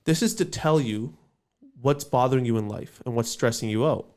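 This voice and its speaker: A man playing a stern older man who asks curt, flat questions in a low, quiet voice. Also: normal speed, lightly acted. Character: stern, unsmiling older man running a stress test.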